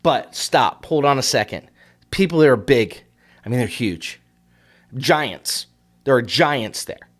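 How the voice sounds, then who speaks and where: A man's voice: mid-range voice, expressive, takes it slowly, long pauses. A man voicing frightened ancient scouts who exaggerate the danger in an anxious way. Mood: alarmed.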